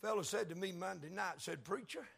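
A man preaching a sermon in a slow, folksy Tennessee drawl, building to loud shouted peaks. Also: sits high, creaky. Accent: Tennessee Southern US.

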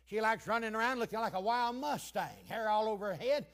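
An older man preaching a sermon, moving between hushed storytelling and fervent shouting. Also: high voice, expressive, a little fast.

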